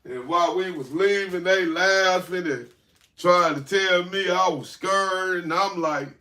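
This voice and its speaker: Slow-talking man telling a story in an echoey room. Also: sits high. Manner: profane, animated, rambling. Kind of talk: casual storytelling. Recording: echoey room, far from mic, faint noise.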